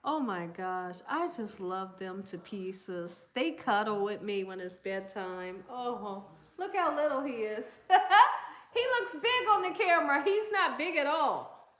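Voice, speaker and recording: Speaking in a mid-range, fairly bright voice with lively intonation, this Southern American woman takes her time. She hosts a casual cooking livestream, chatting with viewers, reading their comments aloud, and cooing to her dogs.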